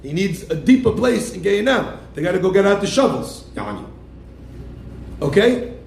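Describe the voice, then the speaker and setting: A lively man preaches as a rabbi, voice sitting high for a man and slipping into quoted characters as he goes. The room rings with echo, with a faint hum of ambience underneath. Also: moderate pace, gravelly. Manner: animated, acts out the people he quotes; keeps addressing listeners as "my friends". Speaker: rabbi giving a class. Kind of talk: sermon. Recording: echoey room.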